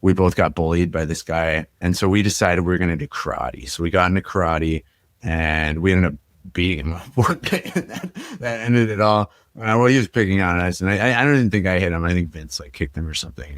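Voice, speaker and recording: A young man with a very low, deep voice recounts his own past on a podcast, speaking reflectively and leaning on "like" and "you know." The sound is close and dry, with no room around it. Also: a little fast, fairly bright tone, no room sound. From Minnesota. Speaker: podcast guest. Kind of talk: personal storytelling in a podcast interview.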